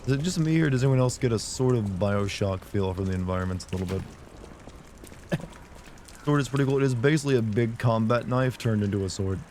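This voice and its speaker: A man with a hoarse, sick voice giving rambling, jokey commentary while streaming a game and chatting with viewers. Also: mid-range voice, normal speed, a little mellow, a little hiss or hum. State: hoarse from a sore throat. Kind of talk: casual gameplay commentary.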